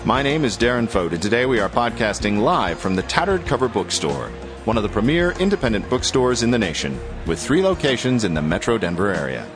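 A man's voice: fairly low pitch, sing-song, a little fast, music in the background. A man reading a scripted podcast introduction in an announcer style. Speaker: podcast host.

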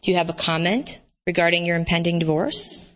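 A man's voice: a little high, brisk, sharp tone, voice pushed down. A woman reading aloud voices a male morning-show interviewer who asks a pointed question. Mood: probing.

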